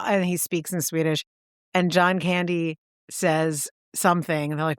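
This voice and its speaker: A woman's voice: lowish voice, steady tone, moderate pace, clean tone, no echo, clean studio sound. A woman co-hosting a podcast, chatting casually and acting out movie dialogue with lots of "like" and "dude.". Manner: chatty, says "dude" and "like", acts out quoted dialogue. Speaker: podcast co-host. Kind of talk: casual movie rewatch chat.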